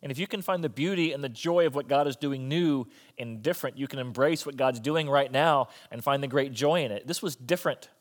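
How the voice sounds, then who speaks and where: A man's voice: mid-range voice, brisk, hardly any pauses. A male pastor preaching a sermon in a conversational style with joking asides.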